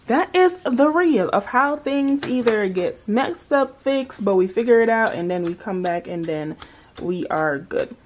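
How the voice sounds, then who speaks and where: A woman's voice: mid-range voice, a little mellow, a little hiss or hum. A young woman vlogs her budget in a casual, familiar way. She reads out figures and sums, then talks straight to her viewers with easy chatter. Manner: chatty, talks to viewers as y'all, child, girl. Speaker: budgeting vlogger. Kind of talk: casual budgeting vlog, talking through calculations.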